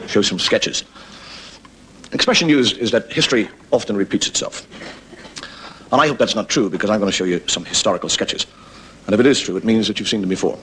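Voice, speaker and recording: A man telling stand-up stories with a wry, deadpan delivery as the host of a comedy show. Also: fairly low pitch, background noise. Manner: wry, deadpan storytelling with quick voices for characters. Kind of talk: stand-up storytelling. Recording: studio audience laughing.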